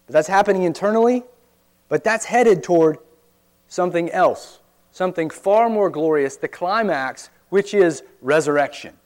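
A man's voice: high voice, normal speed. Man preaching an earnest conversational sermon. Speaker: pastor.

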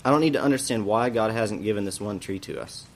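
A man's voice: fairly low pitch, quick pace. Eve, a trusting first woman, as a male teacher reads her reply. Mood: earnest.

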